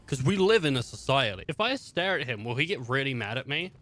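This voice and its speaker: A man's voice: mid-range voice, big pitch swings, quick pace, bright, forceful tone. A young man streaming a game, ranting in profane, rambling comic bits and acting out everyday characters. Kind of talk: casual gameplay commentary.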